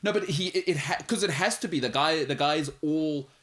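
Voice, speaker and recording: A man's voice: fairly high pitch, fairly quick, a bit bright. Joking man chatting. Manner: joking, self-mocking banter. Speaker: co-host. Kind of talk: casual chat.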